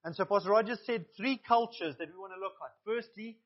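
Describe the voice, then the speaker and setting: A man's voice: sits high, fast, dull audio. A male pastor preaching a sermon to his congregation, earnest, with asides to the listeners.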